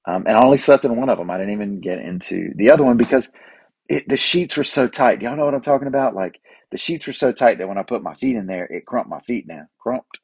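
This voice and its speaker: A man's voice: mid-range voice, animated, quick pace, darkish tone, husky, dry recording. A man telling a rambling, laid-back story as a podcast host, chatty with fillers and restarts. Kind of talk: casual storytelling monologue.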